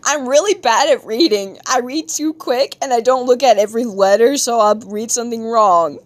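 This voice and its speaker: While drawing on a livestream, a young woman chats casually at a moderate pace, reads out viewer messages, giggles, and lets out sudden high squeals. The recording is dry.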